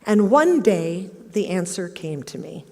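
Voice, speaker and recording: A woman's voice: fairly low pitch, big pitch swings, a little slow, a little mellow. A middle-aged woman giving a motivational talk on stage, telling a personal story and acting out the questions she quotes. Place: large auditorium. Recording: long hall reverb.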